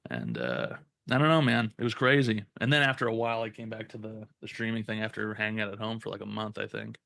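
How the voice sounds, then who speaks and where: A man's voice: on the low side, fast talker, vocal fry. A young man casually telling a long story on a podcast, swearing often and acting out the people in it. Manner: profane, animated retelling with quoted voices. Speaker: podcast co-host.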